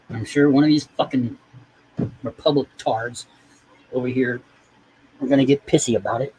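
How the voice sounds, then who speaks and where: A man's voice: medium pitch, steady tone, moderate pace, pauses often, darkish tone, slight background noise, poor audio. A man chatting casually on a live stream, rambling and swearing freely as he talks to viewers. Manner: rambling and profane.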